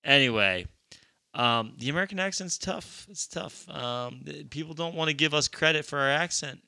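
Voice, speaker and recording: Male co-host, casual film talk; bright, blunt, mock-ranting, recorded dry and close. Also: on the high side, moderate pace, vocal fry, no echo. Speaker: podcast co-host. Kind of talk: casual movie chat.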